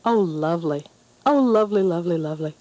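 A woman's voice: medium pitch, animated, a little slow, mellow, dry recording, muffled recording, lightly acted. A woman voicing a curious, matter-of-fact young girl in a storybook reading. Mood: delighted.

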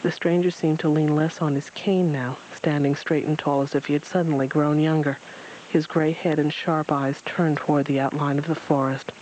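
A man reads a children's story aloud in a fairly high voice, steady and unhurried, now and then stumbling on a word. Faint hiss sits under the reading. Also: rough recording. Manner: steady reading with occasional slips.

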